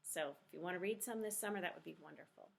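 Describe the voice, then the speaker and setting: A middle-aged woman reading a children's chapter book aloud in a lively, expressive way. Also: on the low side, fast talker, vocal fry. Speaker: storybook reader.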